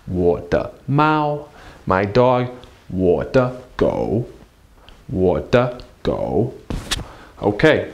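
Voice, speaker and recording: A man hosting a beginner language lesson, speaking at an unhurried, deliberate pace. He is upbeat and repeats each new word several times so learners can follow. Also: lowish voice, very animated, vocal fry. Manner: upbeat, drills words slowly with repetition. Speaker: Chinese language teacher. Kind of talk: classroom-style language lesson.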